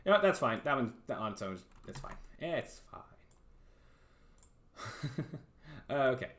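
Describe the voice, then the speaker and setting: A man's voice: medium pitch, sing-song, a little slow, a bit bright. A young man chatting casually on a livestream, rambling, self-deprecating and laughing often.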